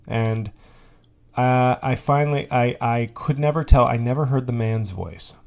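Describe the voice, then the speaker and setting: Male podcast host, middle pitch, loose rambling comic monologue with tangents and restarts. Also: unhurried, creaky. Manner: rambling, tangent-prone, with frequent fillers and restarts. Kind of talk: comedic monologue.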